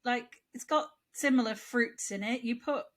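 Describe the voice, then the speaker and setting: A woman co-hosting a podcast chats casually at a moderate pace in a slightly high voice. She rambles, asks questions aloud, and has a lingering cough.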